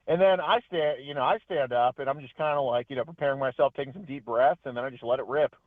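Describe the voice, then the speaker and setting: A man's voice: mid-range voice, quick pace, no echo. Chatty man on a tinny phone line. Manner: chatty and animated, laughs often. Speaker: guest, independent journalist. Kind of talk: casual phone interview.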